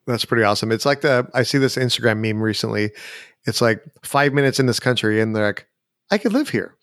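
A man's voice: lowish voice, steady tone, fairly bright tone, no echo. Friendly male podcast host, dry sound. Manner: friendly, laughing along, quick questions. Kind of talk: casual interview hosting.

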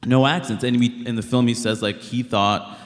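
A man's voice: mid-range voice, normal speed. A man in his thirties from Queens, New York, a stand-up comedian talking bluntly in a live stage interview with lots of "like" fillers. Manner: blunt, animated, many "like" fillers. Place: live show stage in a hall. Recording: reverberant live hall.

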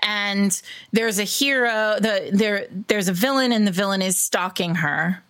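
A woman's voice: mid-range voice, unhurried, a bit bright, clear, resonant tone. Rambling, laughing woman podcast host. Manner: rambling, full of "like" and "um", laughs often. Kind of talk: casual podcast chat.

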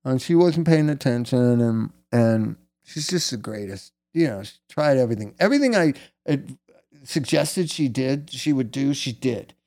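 A middle-aged man appears as a guest and casually tells a long personal story, candid and rambling, often ending sentences with "right?". His mid-range voice is expressive and dark in tone, at a normal speed.

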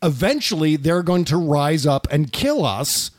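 A man's voice: on the high side, measured pace, no room sound. Jokey man hosting a dry podcast. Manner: animated, jokey, swearing. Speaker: podcast host. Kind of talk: casual political chat.

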